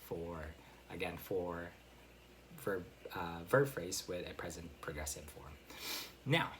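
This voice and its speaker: A man's voice: sits low, slight background noise. A man giving a casual online English lesson, explaining step by step with frequent fillers and "right?" check-ins. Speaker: English teacher.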